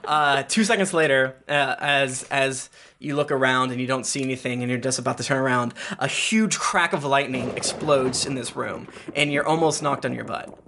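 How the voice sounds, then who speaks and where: A man running a tabletop game as game master, narrating haltingly with many restarts. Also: mid-range voice, noisy background. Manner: halting, lots of restarts and fillers.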